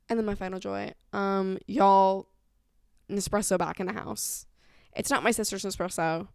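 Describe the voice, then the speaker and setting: A woman talking straight to camera in a loose, rambling vlog style, peppering her sentences with "like" and casual curses. Her voice has a gravelly fry running through it, and the sound is dry and close with no room echo. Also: mid-range voice. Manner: chatty, lots of "like" fillers, casual swearing. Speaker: vlogger.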